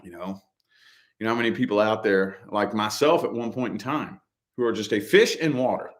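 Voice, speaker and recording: A middle-aged podcast co-host with a fairly low voice talks fairly quickly in a casual chat. He's loose and repetitive, peppering his slangy talk with "dude" and "man."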